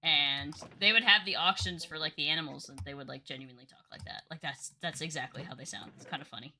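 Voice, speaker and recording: A woman from New Jersey hosting a gaming stream, talking casually and rambling with restarts. Her voice is very bright and sharp, set a little low in pitch. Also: fast, slight background noise. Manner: chatty, rambling with many restarts and laughs. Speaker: streamer host. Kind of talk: casual chat while gaming.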